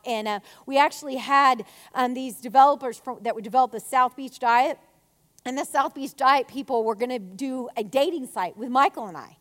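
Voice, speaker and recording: A woman giving a chatty, animated faith talk to a women's gathering, telling stories with acted asides. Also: fairly high pitch. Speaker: speaker at a women's church gathering. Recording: long hall reverb.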